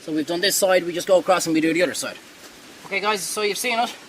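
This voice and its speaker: High-pitched guy walking you through butchering, chatty and reassuring, a bit of hiss behind. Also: quick pace, fairly bright tone, rough recording. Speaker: cooking show host. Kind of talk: hands-on cooking demonstration.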